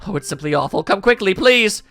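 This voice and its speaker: A man's voice: high voice, lively intonation, brisk, gravelly, over music. A man doing a flustered, stammering butler. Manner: stammering, fussy and urgent. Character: flustered older male butler.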